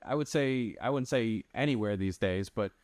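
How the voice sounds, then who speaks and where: A man's voice: lowish voice, normal speed, darkish tone, no room sound. A man hosting a podcast, chatting casually and backing up guests with short affirmations. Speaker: podcast host. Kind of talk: casual interview chat.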